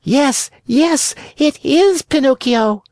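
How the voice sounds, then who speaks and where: A bunch of overjoyed wooden puppets shriek out from a storybook, high and lively, as a man puts them on. His voice leaps well above its usual register, shrill and swooping, in a dry recording. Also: slow pace, no room sound, full character voice. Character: excited wooden marionettes shouting in a crowd. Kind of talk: audiobook reading.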